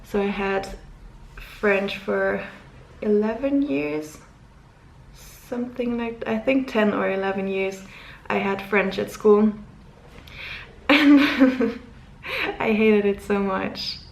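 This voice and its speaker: A woman's voice: medium pitch, slow, vocal fry, pauses often. A young woman from Luxembourg, chatting casually to camera and rambling with self-corrections. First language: German. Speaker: vlogger. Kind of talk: casual chat. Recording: echoey room.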